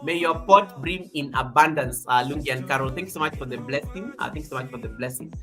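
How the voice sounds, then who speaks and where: Kenyan accent, livestream host, chatty, repetitive, mid pitch, music behind. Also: a little fast, fairly bright tone. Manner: chatty, repeats phrases, many fillers. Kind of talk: casual livestream chat, reading out viewer comments.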